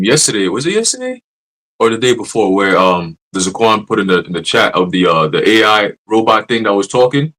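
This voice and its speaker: A man teaching casually on a church livestream, profane and animated, laughing and mocking as he talks. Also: mid-range voice, rough recording.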